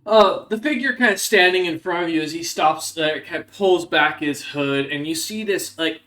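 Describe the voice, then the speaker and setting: A man narrating a tabletop game as game master, halting, with many ums and uhs. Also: fairly high pitch, bright, forceful tone.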